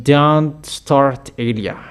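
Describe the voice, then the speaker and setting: A man preaching a sermon in loose, non-native English, slow and emphatic, with sudden raised declarations. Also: medium pitch, smooth.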